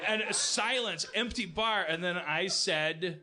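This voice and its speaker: A man's voice: a little high, normal speed, few pauses, bright, forceful tone. A man hosting a podcast, telling a comic story in a profane, self-deprecating way with lots of stammering restarts. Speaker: podcast host.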